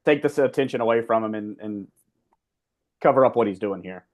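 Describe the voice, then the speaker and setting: A man's voice: lowish voice, fairly quick, muffled recording. A man playing a tabletop game, giving long rambling in-character speeches. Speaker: player. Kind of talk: tabletop role-play.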